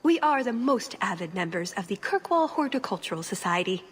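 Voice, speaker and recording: A woman's voice: mid-range voice, sing-song, brisk, a little hiss or hum, close to an everyday voice. An actress voicing a sly female rogue in a video game, polite and wry. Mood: scheming.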